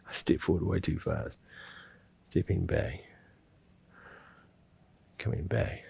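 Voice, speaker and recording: A man's voice: low voice, steady tone, takes it slowly, gravelly, a little mellow, husky. A middle-aged man, teaching a qigong class and telling rambling stories with chuckles and restarts. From New Zealand. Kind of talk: instructional class with personal storytelling.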